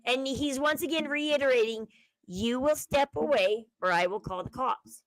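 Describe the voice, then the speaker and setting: A woman hosting her own commentary channel, talking in a high, chatty voice. She speculates freely and slips into a hushed murmur to quote others. The sound is dry and close. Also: normal speed, no room sound, rough recording. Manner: chatty, speculative, drops to a low murmur when quoting others. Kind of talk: casual commentary over a video clip.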